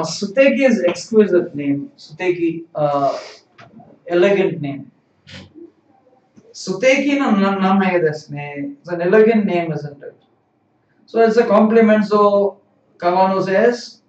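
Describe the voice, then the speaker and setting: A man's voice: high-pitched, expressive, unhurried, pauses often, a little mellow. A man teaching a live-streamed language lesson, explaining patiently and repeating phrases. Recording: roomy, distant, dull sound.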